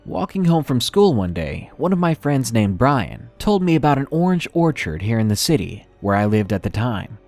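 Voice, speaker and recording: A man reading a first-person horror story aloud in a slow, measured, ominous way. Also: mid-range voice, very animated, darkish tone. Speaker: narrator. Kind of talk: scripted horror story narration. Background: faint background music.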